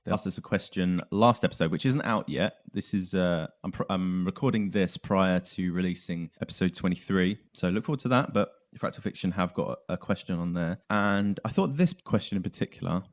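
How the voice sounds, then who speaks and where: A man's voice: sits low, fairly quick, hardly any pauses. A man with a southern English accent hosting a podcast in casual chat, laughing often. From south of England. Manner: laughs often, puts on silly voices. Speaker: podcast host.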